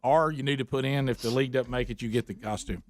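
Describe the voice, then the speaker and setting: A man's voice: medium pitch, steady tone, fast talker, no echo. A man hosting a talk radio show, bantering in a rambling, joking way. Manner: rambling, joking, hesitant restarts. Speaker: radio host.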